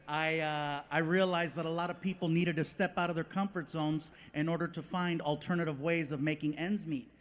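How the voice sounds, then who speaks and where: A man's voice: fairly high pitch, slight background noise. A male stand-up comedian telling a story on stage and acting out the voices.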